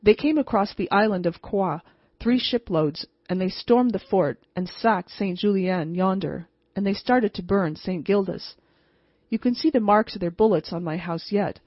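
A woman voicing an irritable older male village mayor who talks in a shrill, complaining way. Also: moderate pace, no echo, muffled recording, close to an everyday voice. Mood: storytelling.

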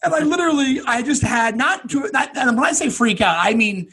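A man telling a story in casual chat, animated, acting out what people shouted and laughing often. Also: extremely high pitch, a little fast, husky.

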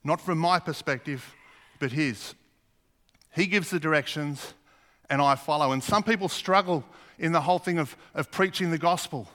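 A man's voice: fairly high pitch, moderate pace, a bit bright. A man preaching a sermon, earnest, asking the congregation questions as he reads scripture. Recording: long hall reverb.

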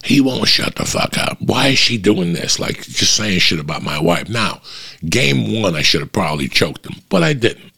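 A middle-aged comedian with a low, gravelly, husky voice. He tells a profane stand-up story, swearing constantly and building into loud, animated rants. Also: normal speed.

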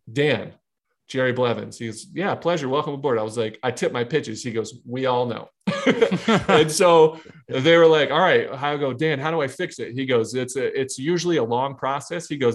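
A man in his thirties chatting on a podcast in a middle-pitched voice. He tells his stories with energy, acts out each line of dialogue and laughs along the way. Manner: animated storyteller acting out dialogue, laughing. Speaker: podcast co-host and former baseball pitcher. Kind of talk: casual podcast chat.

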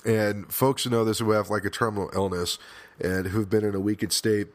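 Deep-voiced man, earnest and halting. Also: fairly even intonation, no echo. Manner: frequent restarts and fillers, swears at times. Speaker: podcast host. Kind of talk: personal reflective monologue.

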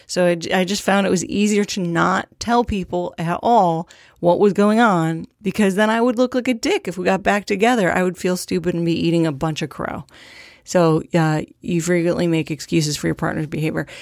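A woman's voice: on the low side, normal speed, vocal fry, darkish tone, no echo, studio quality. A young woman hosting a podcast in a casual monologue, candid and profane, with a self-deprecating streak. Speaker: podcast host.

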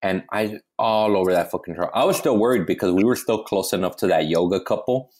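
A male comedian telling a story in a casual chat, animated and full of swearing, often restarting his sentences. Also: on the low side, fairly quick. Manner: animated, profane, keeps restarting. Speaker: comedian guest.

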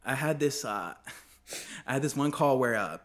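A man's voice: medium pitch, lively intonation, a little slow, a bit bright. A young man casually telling stories in a podcast chat, laid-back, swearing and laughing often.

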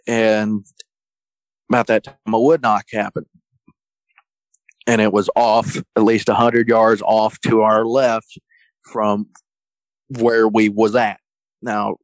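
A man telling a story in a folksy, colloquial way, getting animated when he quotes other people. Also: on the low side, no echo, low-quality recording. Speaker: guest storyteller. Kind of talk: casual storytelling.

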